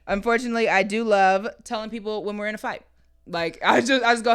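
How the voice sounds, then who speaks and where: A woman's voice: a little high, fast talker, smooth. A woman co-hosting a podcast in casual chat, playful and teasing, laughing often. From Kansas City, Missouri. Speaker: podcast co-host.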